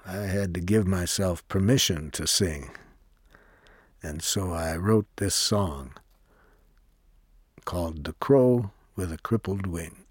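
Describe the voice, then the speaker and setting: A man who leads workshops, telling a personal story in a slow, reflective way and acting out the dialogue. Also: low-pitched, darkish tone, husky, no room sound. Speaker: workshop leader. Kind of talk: personal storytelling between songs.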